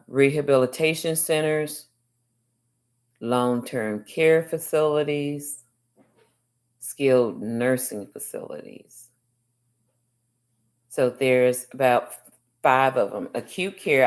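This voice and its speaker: A woman teacher with a strikingly deep, low voice reviews class questions with a student. She repeats each answer slowly and fills the gaps with encouraging mm-hmms. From United States.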